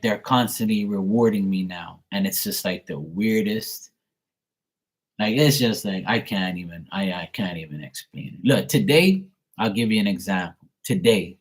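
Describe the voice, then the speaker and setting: A man's voice: lowish voice, husky, rough recording. A man hosting a tarot reading live stream, telling profane, chatty anecdotes. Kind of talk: casual live-stream storytelling.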